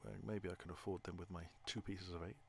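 A man's voice: deep voice, steady tone, fast talker, vocal fry, a little mellow, a little hiss or hum. A man thinking aloud while playing a game, hesitant and muttering to himself. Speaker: gamer. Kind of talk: playthrough commentary.

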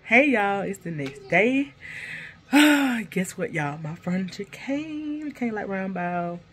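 A woman's voice: medium pitch, lively intonation, unhurried, a bit bright, slight background noise. A woman filming a casual home vlog with a stuffy nose, talking straight to her viewers and calling them y'all while she shows her living room. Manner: chatty, addresses viewers as y'all, repeats herself. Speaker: vlogger.

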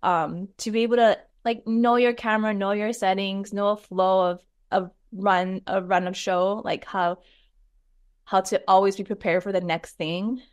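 A woman filmmaker chatting as podcast co-host, enthusiastic and quick to react. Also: mid-range voice, fairly even intonation, clean tone. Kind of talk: casual podcast chat.

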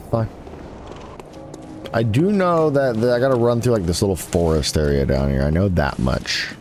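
A man's voice: big pitch swings, slow, creaky, darkish tone, faint music behind. Trash-talking man playing a game. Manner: trash-talks enemies, voice jumping high when frustrated. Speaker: gaming YouTuber. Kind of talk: let's play commentary. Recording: game sounds behind voice.

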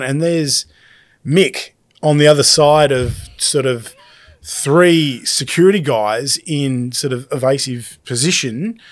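A middle-aged Australian man, a guest DJ, telling a story in a casual and animated way, swearing freely. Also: on the high side, dry recording.

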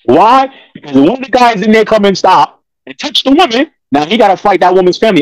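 A man's voice: sits high, sing-song, fast talker, no echo, rough recording. A man, talking in a rambling, streetwise way on a casual panel discussion. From New York.

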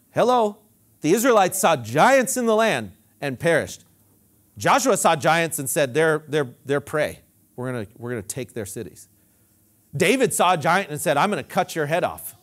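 A man preaching a sermon as pastor, emphatic and repetitive, dropping low and quiet when he quotes scripture. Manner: emphatic preaching with repeated phrases.

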